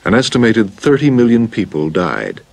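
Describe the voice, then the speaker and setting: A man giving measured, grave scripted documentary narration. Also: fairly low pitch, huge pitch swings, vocal fry, a little mellow, dry recording.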